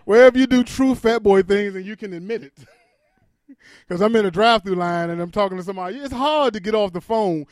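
A man doing stand-up comedy on a club stage, telling loud, animated stories with shouted bits, then chatting in an interview. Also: high-pitched, moderate pace, long pauses, no echo, studio quality.

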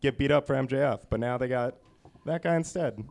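Gravelly low-key man chatting. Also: brisk, a little mellow. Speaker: comedian guest. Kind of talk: casual chat.

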